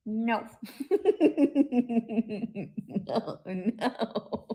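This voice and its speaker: Woman vlogger, late-night diary at home; rambling, swears a lot, rants loud then drops to a mutter. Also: a little high, expressive, very slow, pauses often, rough recording.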